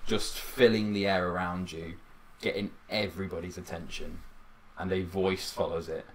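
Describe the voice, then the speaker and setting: A man narrating a tabletop game as dungeon master, measured and descriptive. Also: low-pitched, steady tone, slight background noise.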